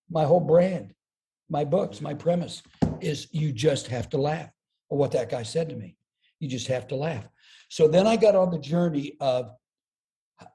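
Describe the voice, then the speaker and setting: An older man, a comedian and speaker, telling a personal story as a podcast guest, lively and self-deprecating, acting out the quotes. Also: mid-range voice. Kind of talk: storytelling an anecdote.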